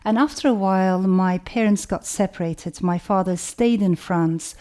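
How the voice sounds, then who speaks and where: A woman author with a Turkish accent, speaking in a thoughtful, measured way and often saying "you know". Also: medium pitch, warm tone. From Turkey. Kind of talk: reflective talk to camera.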